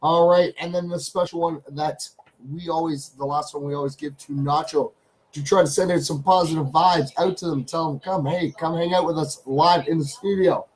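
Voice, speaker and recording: A chatty man from Canada hosts a casual live stream from his home studio. His voice sits a little on the high side. He repeats himself often and talks to his pets between reading out viewers' names. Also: steady tone, normal speed, darkish tone, low-quality recording.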